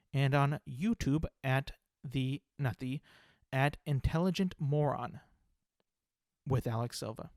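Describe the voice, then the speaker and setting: A man's voice: mid-range voice, clear, resonant tone, no room sound, clean studio sound. A young man hosting a solo comedy podcast, rambling and full of fillers, joking at his own expense. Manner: rambling, filler-heavy, self-deprecating. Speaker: podcast host.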